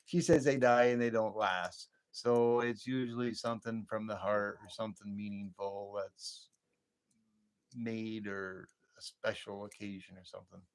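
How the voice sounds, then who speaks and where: A man with a fairly low voice hosting a relaxed late-night livestream. He rambles from story to story, laughs easily and answers viewers' comments as they come in. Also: a little slow. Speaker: livestream host.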